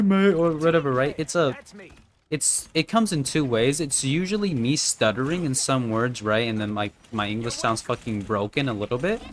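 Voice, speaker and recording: A man's voice: mid-range voice, fairly bright tone. Brief: young male streamer at home, casual, profane, rambling, mid-range voice. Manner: rambling, profane, full of "right?" and "you know". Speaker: game streamer. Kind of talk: casual chat while gaming on stream.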